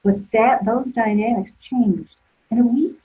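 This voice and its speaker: Husky woman on a tinny line. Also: on the high side, unhurried. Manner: rambling, with many restarts and fillers. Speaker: therapist and hypnotist guest. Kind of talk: conversational storytelling.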